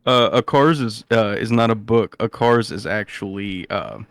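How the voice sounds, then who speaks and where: A man's voice: lowish voice, moderate pace, no room sound, studio quality. A man narrating as game master, hesitant with many fillers.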